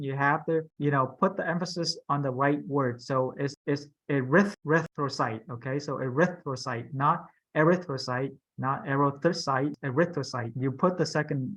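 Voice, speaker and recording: A man's voice: mid-range voice, fairly bright tone, rough recording. A man teaching a medical English class, patiently repeating terms and correcting pronunciation. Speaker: instructor.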